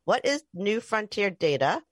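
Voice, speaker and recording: A middle-aged woman hosting an interview, brisk and jokey as she steers the talk. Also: mid-range voice, big pitch swings, no room sound, clean studio sound. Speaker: podcast host. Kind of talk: conversational interview.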